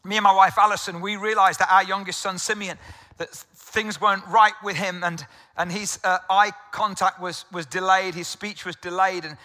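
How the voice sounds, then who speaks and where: Earnest middle-aged British-born pastor preaching. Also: male voice, sits high, steady tone, moderate pace, bright, forceful tone, in a large hall. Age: 50s. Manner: earnest, repeats words when stirred. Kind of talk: sermon.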